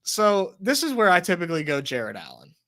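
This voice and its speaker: Animated storytelling man with a lively pitch. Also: fairly quick. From Texas. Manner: animated storyteller, swears, many likes and restarts. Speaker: podcast co-host. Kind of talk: casual chat, storytelling.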